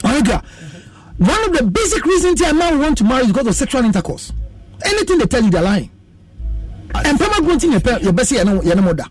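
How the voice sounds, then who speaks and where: Ghanaian male counselor, husky lively voice heard from a distance. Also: extremely high pitch, fast, no room sound. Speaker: counselor guest. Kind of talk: casual radio chat, mixing Twi and English.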